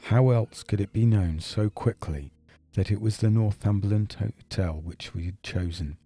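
A male reader voicing a brilliant, brisk detective in an audiobook, speaking in a crisp, measured way. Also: fairly low pitch, warm tone, dry recording, soft background music. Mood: explaining. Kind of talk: audiobook character reading.

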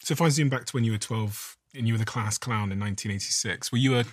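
Low-voiced male interviewer, dry sound. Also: fast, dry recording. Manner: curious, probing questions. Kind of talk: interview chat.

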